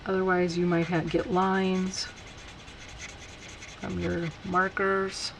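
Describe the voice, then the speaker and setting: A woman teaching a casual stamping tutorial, chatty and unhurried as she talks while working. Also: on the low side, flat delivery, vocal fry, slight background noise, poor audio. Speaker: card-making instructor.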